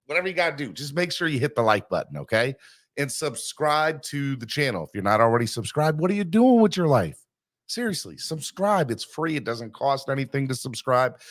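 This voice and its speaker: A man's voice: medium pitch, fairly bright tone. A man hosting a sports podcast morning show, talking in an upbeat, hyped-up way while plugging the channel and sponsors from a bare new room. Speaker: podcast host.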